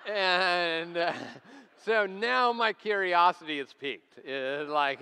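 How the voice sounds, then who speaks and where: Slow and forceful, this man's high voice comes across bright, clear, and resonant. In his forties and serving as lead pastor, he gives a storytelling, conversational sermon with self-deprecating humor, captured live with church hall reverb in the sanctuary.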